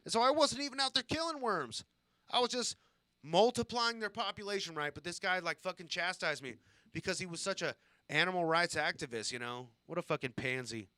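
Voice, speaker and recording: A man in his thirties from Southern California rambles through crude childhood stories on a live stream, swearing freely and poking fun at himself. His voice sits a little high and rings clear and smooth. The sound is dry and close. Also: expressive, brisk, pushed and bright, dry recording. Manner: rambling, profane, self-deprecating storytelling. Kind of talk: casual storytelling on a live stream.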